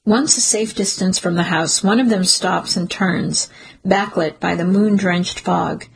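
A woman narrating a first-person suspense story in a steady, measured storytelling manner. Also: fairly low pitch, creaky, husky, low-quality recording. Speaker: audiobook narrator.

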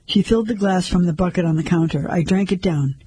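A man narrating a first-person story in a measured, steady way. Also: sits high, breathy edge, no echo, low-quality recording.

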